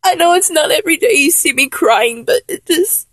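A woman in a one-sided audio role-play, talking in a halting, stammering, apologetic way. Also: very high voice, big pitch swings, a bit bright, no echo. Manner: halting, stammering, with many restarts.

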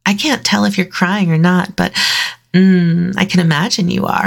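A woman in an intimate audio role-play, speaking in a teasing, dominant way, dropping into whispers and giggling softly between phrases. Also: on the low side, fairly even intonation, moderate pace, vocal fry.

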